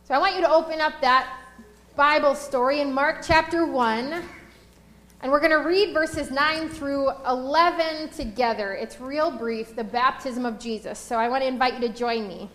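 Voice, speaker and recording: A woman pastor giving a sermon, telling a personal story and slowing down to read scripture aloud. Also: high-pitched, a bit bright. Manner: storytelling, slows for scripture reading. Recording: roomy echo.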